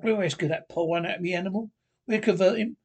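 A man's voice: sits high, quick pace, vocal fry, darkish tone, breathy edge, exaggerated voice. Man voicing an eager, hearty water rat.

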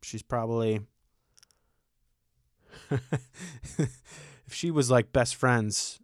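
A man's voice: mid-range voice, dry recording, clean studio sound. A man in his thirties doing a stand-up comedy set, rambling and self-deprecating in a conversational way.

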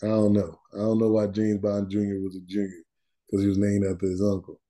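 A man co-hosting a podcast in casual chat, animated and slangy, laughing often. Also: lowish voice, brisk. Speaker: podcast co-host.

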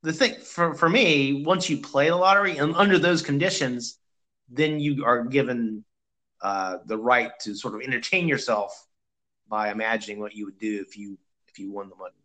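A man's voice: mid-range voice, moderate pace, sharp tone, poor audio. A man in casual chat, rambling through an anecdote with many restarts.

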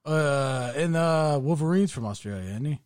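A man's voice: fairly high pitch, lively intonation, normal speed, a little mellow, no room sound, studio quality. A man hosting a podcast in casual chat, joking and a little unsure as he rambles. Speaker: podcast host.

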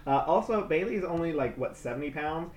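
A man in his twenties talks in a casual, rambling way, laughing often between stories. His voice sits a little high. He is recorded in an echoey room, with faint ambient sound behind him. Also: animated, fairly quick, darkish tone, slight background noise. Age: 20s. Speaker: podcast co-host. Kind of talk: casual chat with ad reads.

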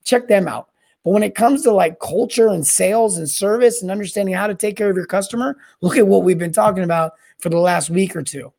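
A man hosting a solo podcast on plumbing service and sales, talking in a rambling, energetic way that often repeats and restarts words. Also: high-pitched, a little fast, creaky. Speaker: podcast host.

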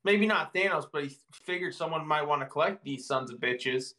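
Wisecracking podcast guy, bright punchy voice, a bit high. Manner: wisecracking, quick reactions. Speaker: podcast co-host. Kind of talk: casual podcast chat.

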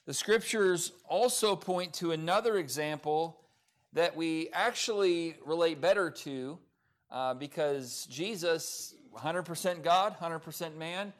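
A man's voice: fairly high pitch, measured pace. A man preaching a sermon at a church service, talking in a conversational way with many fillers and restarts. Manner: conversational, many fillers, self-described sarcastic. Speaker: pastor. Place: church in Oklahoma.

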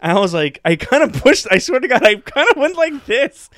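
A man's voice: very high-pitched, brisk, no echo, studio quality. Male podcast co-host, casual storyteller who acts out other voices, clean resonant tone. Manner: animated storyteller, acts out voices, laughs often.

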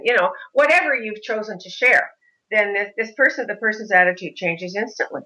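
A middle-aged woman, a mother of a son with a disability, telling her story in an interview in an animated way. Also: medium pitch, a little fast, muffled recording. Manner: animated, mimics other voices in anecdotes.

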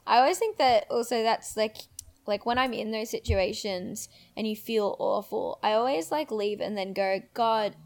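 A woman's voice: a little high, normal speed. A young Australian woman, a podcast guest, speaking earnestly and laughing as she talks. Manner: earnest, laughs while talking. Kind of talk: casual podcast chat.

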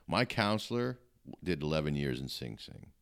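A man's voice: rumbling low, big pitch swings, moderate pace, gravelly. A middle-aged man, a comedian guest, telling blunt, matter-of-fact stories in casual chat.

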